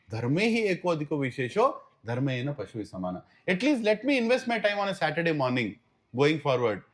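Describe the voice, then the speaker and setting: A man with an Indian English accent teaching a spiritual class through stories, animated and switching between Hindi and English. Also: fairly high pitch. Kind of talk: storytelling class talk.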